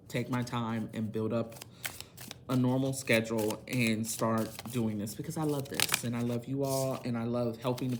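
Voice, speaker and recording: A woman's voice: a bass voice, slight background noise. A woman tarot reader talking straight to her viewers in a casual video, earnest and emphatic like a pep talk.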